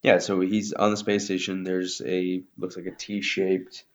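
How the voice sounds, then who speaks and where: A man co-hosting a casual podcast, explaining things in a plain, deadpan way. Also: deep voice, a little slow, muffled recording. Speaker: podcast co-host.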